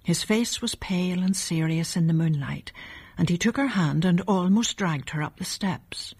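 A woman reading a story aloud, softly and often in a half whisper. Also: lowish voice, moderate pace, slightly rough.

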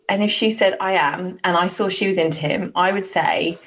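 Female co-host, mid-pitched, blunt, teasing and animated. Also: brisk, hardly any pauses, low-quality recording. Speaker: podcast co-host. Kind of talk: casual podcast chat.

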